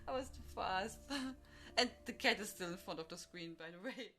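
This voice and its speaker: A young woman streaming a game, giggling and squealing excitably as she chats. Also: medium pitch, normal speed. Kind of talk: casual gameplay commentary.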